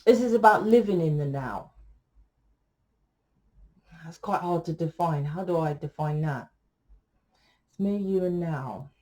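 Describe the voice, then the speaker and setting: A woman's voice: fairly low pitch, a little slow, long pauses, mellow. Blunt, swearing woman reading tarot. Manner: blunt, swears freely, lectures the viewer. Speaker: tarot reader.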